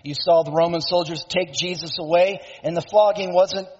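Male preacher, emphatic storyteller, husky high voice, long hall echo, dull lo-fi sound. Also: steady tone, normal speed, a little mellow. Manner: emphatic storytelling, self-interrupting. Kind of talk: sermon, dramatic retelling.

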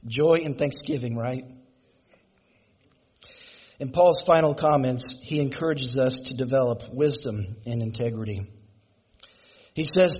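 Husky-voiced pastor preaching. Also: male voice, medium pitch, unhurried, pauses often. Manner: conversational preaching, asks the congregation to respond; builds to raised, emphatic delivery. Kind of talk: sermon. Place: church sanctuary. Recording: muffled, lo-fi sermon recording.

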